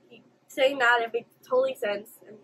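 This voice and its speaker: A woman's voice: a little high, steady tone, normal speed, pushed and bright, breathy edge, low-quality recording. A young woman hosting an anime reaction video, emotional and exclamatory, swearing now and then. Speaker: reaction channel host.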